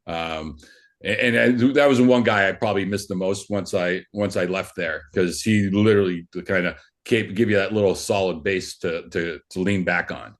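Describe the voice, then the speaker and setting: Rambling middle-aged man, lowish voice. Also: normal speed. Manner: rambling, many restarts and fillers. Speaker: podcast guest, former hockey player. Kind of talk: casual storytelling.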